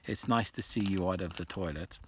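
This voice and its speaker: A man reading aloud, voicing an earnest, bookish schoolgirl who talks anxiously and falsely brightly. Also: low voice, fairly quick, a little hiss or hum.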